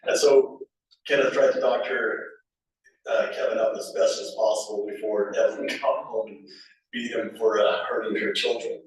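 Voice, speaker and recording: A man's voice: lowish voice, steady tone, normal speed. A man giving a funeral eulogy for a family member, telling casual anecdotes with fillers and restarts and chuckling between stories. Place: funeral home chapel. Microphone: distant from the recording microphone. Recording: echoey room recorded from far off.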